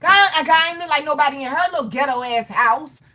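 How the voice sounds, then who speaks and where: A young woman tells a story in casual talk to her followers. Her voice sits high and rings bright, and she swears and hits every word hard. She laughs often as she talks. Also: fast, slight background noise. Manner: animated, profane, emphatic storytelling with frequent laughter. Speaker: livestream host.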